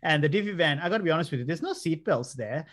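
A middle-aged man telling a story in casual chat. He is animated, swears freely and acts out what other people said. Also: on the high side, fast talker. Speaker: podcast guest telling a story.

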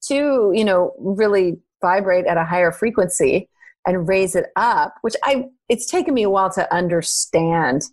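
A woman's voice: lowish voice, lively intonation, moderate pace, darkish tone. A woman hosting a podcast, chatting casually and effusively, with lots of fillers and frequent laughter. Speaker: podcast host.

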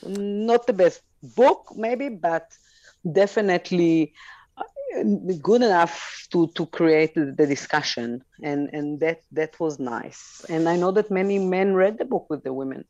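Low-voiced woman giving frank advice, dry dull studio sound. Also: measured pace, a little mellow, no room sound. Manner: frank, laughing easily. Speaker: sex educator guest. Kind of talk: radio talk show advice.

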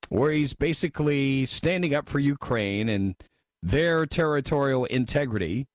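A talk radio host with a medium-pitched male voice reads out listener messages and adds wry, emphatic remarks. He speaks into a studio microphone, and the recording has no echo.

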